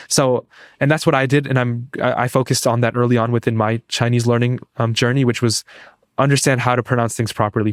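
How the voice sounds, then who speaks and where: A man's voice: mid-range voice, no room sound, clean studio sound. A young man, a pre-med student, telling an earnest story as a podcast guest. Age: young adult. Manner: earnest, eager, restarts phrases. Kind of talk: casual interview storytelling.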